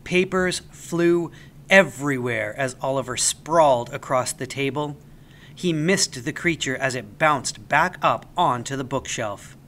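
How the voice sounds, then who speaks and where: Man with a bright, expressive storytelling voice. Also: mid-range voice, unhurried, a little hiss or hum. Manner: expressive, animated reading. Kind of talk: children's story read aloud.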